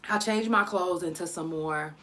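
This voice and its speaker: A woman from Oklahoma hosting a live storytime podcast, telling her story in a loose, profane, halting way with many fillers. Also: fairly low pitch. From Oklahoma, USA. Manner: sharp, irritated scolding at callers. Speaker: podcast host.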